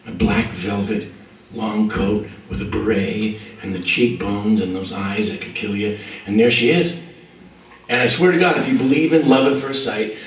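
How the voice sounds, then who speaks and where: A man, a musician, telling a lively anecdote and acting out other people's voices. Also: on the low side, roomy sound, recorded from a distance, low-quality recording. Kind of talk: anecdotal storytelling.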